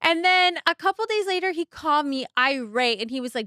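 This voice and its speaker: A woman's voice: high voice, fairly quick, hardly any pauses, sharp tone, no echo, clean studio sound. A woman in her thirties, a podcast co-host telling stories in casual chat, blunt and full of swearing. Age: 30s. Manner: blunt, profane storytelling.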